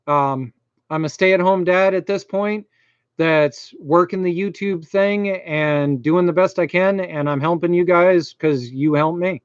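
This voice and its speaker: A man's voice: high voice, unhurried, clean tone, dry recording, highs cut off. A middle-aged man from Maine with a Maine accent and a slight lisp, chatting casually and self-deprecatingly on a live stream as a YouTube host.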